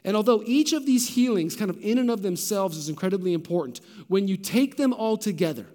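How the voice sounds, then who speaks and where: A man's voice: high voice, mellow, in a large hall. A man pastor preaching a sermon emphatically, asking the congregation rhetorical questions.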